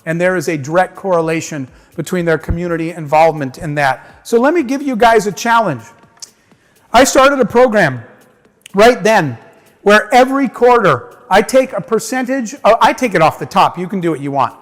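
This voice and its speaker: Male keynote speaker, animated storyteller, fairly high voice, reverberant conference hall. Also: moderate pace. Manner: animated storyteller acting out dialogue.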